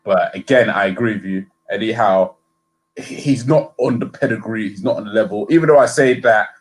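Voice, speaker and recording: A man on a fan podcast, arguing his point in halting, repetitive bursts. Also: fairly low pitch, poor audio. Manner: halting, repeats words, reasoned. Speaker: fan show co-host. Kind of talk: casual podcast debate.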